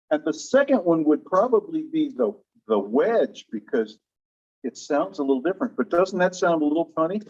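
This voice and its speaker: Relaxed male teacher, mellow lo-fi voice. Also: on the high side, breathy edge. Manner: relaxed, explanatory, demonstrates sounds slowly. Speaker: English-teaching instructor. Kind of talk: classroom lecture. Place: classroom. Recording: dull lo-fi classroom recording.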